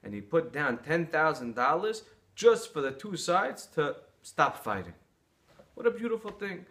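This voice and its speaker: A man's voice: fairly high pitch, sing-song, a little slow, fairly bright tone. A man preaching an earnest sermon, telling stories and drawing lessons from them. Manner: earnest, storytelling, with some restarts.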